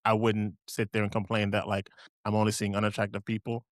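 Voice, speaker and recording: A man's voice: on the low side, completely flat delivery, a little fast, no room sound, clean studio sound. A young man co-hosting a podcast, chatting casually with joking, rambling asides. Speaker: podcast co-host. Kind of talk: casual chat.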